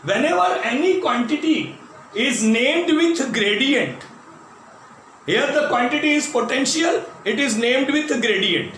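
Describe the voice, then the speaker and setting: High-voiced Indian man lecturing physics. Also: lively intonation, unhurried, fairly bright tone. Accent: Indian English. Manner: addresses students as "my dear", repeats key terms. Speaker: physics teacher. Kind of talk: classroom lecture at a board. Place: classroom. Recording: very echoey classroom, voice from a distance, faint noise.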